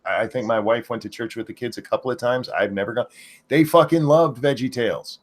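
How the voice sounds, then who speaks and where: A man's voice: medium pitch, brisk, slight background noise. A man hosting a casual livestream chat, loose and wry, with a voice worn from hours of talking. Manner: loose and wry, reads viewer messages aloud. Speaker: show host.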